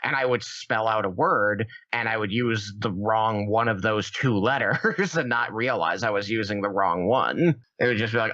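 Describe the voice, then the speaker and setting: A man co-hosting a gaming podcast in casual chat, acting out his own reactions with lively shifts. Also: fairly low pitch, brisk, hardly any pauses, no room sound, muffled recording. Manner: animated, acts out his own past reactions. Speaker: podcast co-host.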